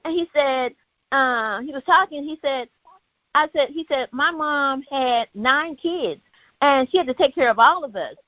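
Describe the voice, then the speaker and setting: Woman, high-pitched, storytelling, casual discussion, dry dull lo-fi audio. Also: measured pace, dry recording. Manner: storytelling, animated, quotes others in dialogue. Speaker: host. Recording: dull lo-fi sound.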